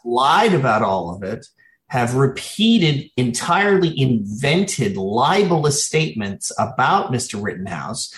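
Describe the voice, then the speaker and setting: A man's voice: medium pitch, very animated, measured pace, fairly bright tone, echoey room. A man appearing as a guest commentator, giving his opinions in an emphatic, insistent way and piling up repeated phrases.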